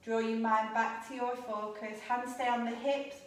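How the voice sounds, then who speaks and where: A young adult woman teaching a yoga class, calmly cueing breaths and poses, a little out of breath. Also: fairly high pitch, moderate pace. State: slightly out of breath. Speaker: yoga instructor. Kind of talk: guided yoga class instruction. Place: yoga studio. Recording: echoey room, voice a bit distant.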